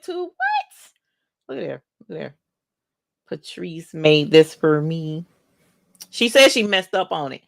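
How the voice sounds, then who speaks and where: A woman hosting a casual craft livestream, chatting and greeting viewers by name with drawn-out exclamations. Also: low-pitched, very animated, creaky, dry recording, studio quality.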